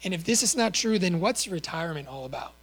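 Earnest male preacher, slightly high voice. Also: lively intonation, fast, a bit bright, low-quality recording. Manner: earnest, with rhetorical questions and small self-corrections. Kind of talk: sermon.

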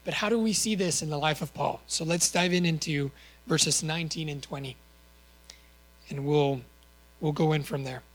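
Earnest male preacher, slightly high voice. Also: moderate pace, long pauses, poor audio. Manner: earnest, with rhetorical questions and small self-corrections. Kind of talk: sermon.

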